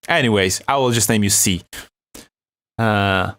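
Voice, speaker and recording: A man's voice: on the low side, unhurried, a bit bright. Chatty Polish man streaming live. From Poland. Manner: chatty, laughs often, reads chat aloud. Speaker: beat-making livestream host. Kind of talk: casual live-stream chat.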